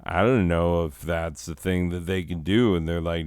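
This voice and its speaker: A man's voice: sits low, steady tone, normal speed, few pauses, a little mellow, smooth, dry recording, clean studio sound. A man hosting a comedy podcast, telling a rambling, profane story full of asides and self-corrections. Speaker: podcast host.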